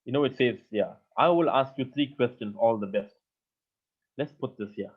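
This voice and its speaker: A man's voice: mid-range voice, normal speed, breathy edge. A man teaches a live online coding lesson, explaining patiently step by step and often repeating himself. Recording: tinny phone-like audio.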